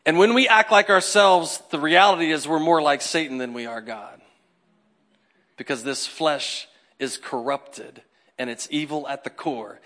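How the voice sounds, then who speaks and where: A man preaching with a high, bright, forceful voice. He swings from quiet, confiding asides to loud, excited peaks. He acts out quoted voices with comic exaggeration. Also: unhurried. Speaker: pastor. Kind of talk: sermon.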